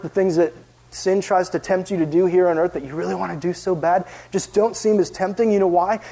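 A man with a high voice preaches to young people, slipping into chuckles as he tells a story. He keeps the room engaged with direct questions, as a youth pastor. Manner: lively, chuckling storyteller, asks the audience questions. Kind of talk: storytelling sermon.

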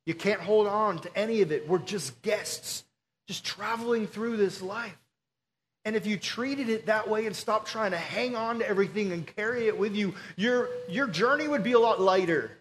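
A man's voice: high-pitched, normal speed. A male pastor, preaching a sermon in an earnest, pleading, conversational way.

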